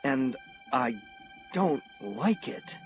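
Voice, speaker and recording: A man's voice: mid-range voice, big pitch swings, very slow. A reader voicing a worried grown man who stammers, in an audiobook, over background music. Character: shaken adult male scientist uncle. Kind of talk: audiobook character voice. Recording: music bed under voice.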